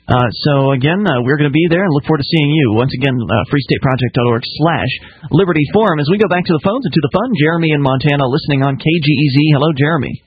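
A man's voice: a little high, fast talker, breathy edge. A man hosting a call-in talk radio show, chatting casually and reading out web addresses and phone numbers. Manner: relaxed, conversational, reads plugs and phone numbers. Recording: muffled radio broadcast audio.

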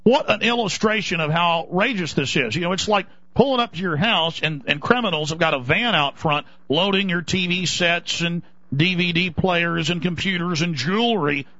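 A high-pitched, bright-voiced man rants urgently on talk radio, indignant and insistent. The sound is dry and close but muffled and lo-fi, like an old radio broadcast. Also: normal speed, no echo. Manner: urgent, indignant ranting with mocking put-on voices. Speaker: radio talk show host.

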